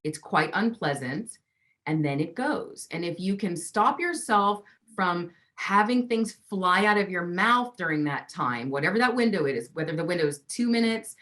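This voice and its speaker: A woman's voice: fairly low pitch, expressive, normal speed, a bit bright. A woman coach being interviewed, talking emphatically and acting out the voices in people's heads. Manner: emphatic, acts out inner voices. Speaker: relationship coach guest. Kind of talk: teaching interview talk.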